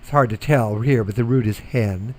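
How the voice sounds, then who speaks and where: A middle-aged man giving a recorded lecture, slow and methodical, repeating words so students can follow. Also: medium pitch. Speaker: Greek teacher.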